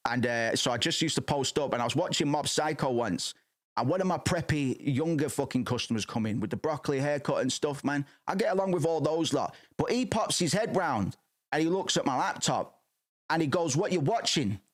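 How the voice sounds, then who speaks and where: A man's voice: a little high, expressive, a little fast. A man in his thirties chatting casually as a streamer, rambling, swearing freely and restarting his sentences. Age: 30s. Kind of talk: casual chat.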